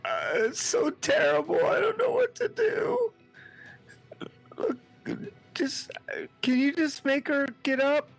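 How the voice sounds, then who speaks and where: A man's voice: extremely high pitch, steady tone, measured pace, pauses often, soft background music, voice pushed up. A man voicing an upset young boy in a tabletop game, shaky and pleading. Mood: distraught. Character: upset young boy crying over a loss.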